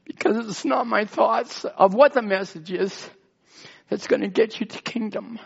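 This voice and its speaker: A man's voice: high voice, a little slow, gravelly, slightly rough, muffled recording. A man preaching an emotional, rambling sermon as pastor in a church, pleading and often near tears. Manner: tearful, pleading, rambling with restarts.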